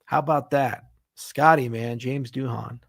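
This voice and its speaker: A man's voice: medium pitch, steady tone, measured pace, gravelly, dry recording, clean studio sound. A middle-aged man hosting a casual livestream Q&A, irreverent and joking, swearing freely as he answers viewer questions.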